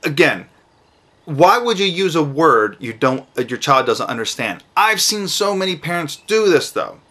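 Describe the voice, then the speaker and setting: A middle-aged man, a parent giving advice to camera, who speaks slowly and enunciates each word with emphasis. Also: a little high, big pitch swings, pushed and bright. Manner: slow, deliberate, emphatic enunciation. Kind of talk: instructional talk to camera.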